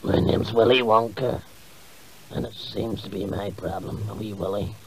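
A man's voice: lowish voice, fairly even intonation, normal speed, darkish tone, breathy edge, poor audio. A man voicing a sheepish audience member. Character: shy embarrassed male audience member. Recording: audience crowd behind.

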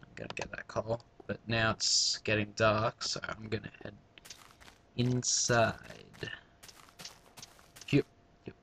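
A man talks through his gameplay in a loose, rambling way, tossing mumbled asides to his viewers. His voice sits low and he takes his time with every phrase. A faint hiss runs under the recording. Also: level tone, slow, creaky, long pauses, bright, forceful tone. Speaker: let's play gamer. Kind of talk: casual gameplay commentary.

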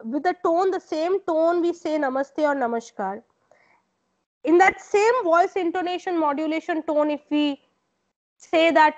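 Female lecturer, Indian English accent, high pitch, insistent and repetitive, dull online-call sound. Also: expressive, normal speed, darkish tone. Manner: corrective, repeats points. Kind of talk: online class feedback. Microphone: video call.

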